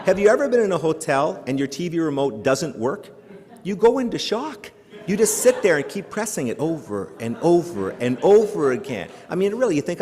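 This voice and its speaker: Fast-talking joking Canadian keynote man. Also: fairly high pitch. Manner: animated, joking, rhetorical questions. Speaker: keynote speaker. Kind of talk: humorous keynote speech. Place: large hall before an audience. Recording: live hall with long reverb.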